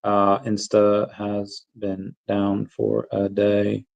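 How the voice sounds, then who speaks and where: A man hosting a casual crypto livestream, rambling in a relaxed way with many fillers and bouts of hiccups. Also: lowish voice, very slow, creaky, highs cut off. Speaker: crypto channel host.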